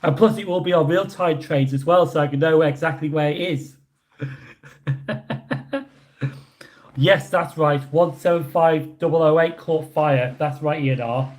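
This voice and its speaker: A British man casually chatting with his livestream audience and answering chat questions, rambling with many pauses. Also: fairly high pitch. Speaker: livestream host reading chat. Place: indoors, hotel room.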